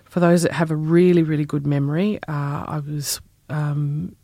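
Gravelly, animated Australian man. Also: fairly high pitch, normal speed, no echo, clean studio sound. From Perth, Western Australia. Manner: expressive, animated storyteller. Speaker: musician, former journalist. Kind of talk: interview storytelling.

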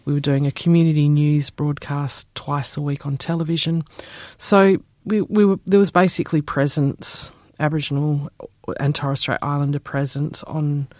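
A man's voice: on the high side, normal speed, few pauses, dry recording, studio quality. A middle-aged man from Perth with an Australian accent, telling stories expressively in an interview. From Perth, Western Australia. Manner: expressive, animated storyteller. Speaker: musician, former journalist. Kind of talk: interview storytelling.

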